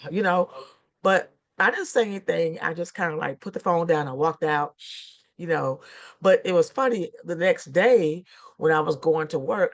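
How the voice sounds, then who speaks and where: A middle-aged woman minister chatting casually, rambling and laughing through her stories with lots of fillers. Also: lowish voice. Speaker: guest minister. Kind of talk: casual chat.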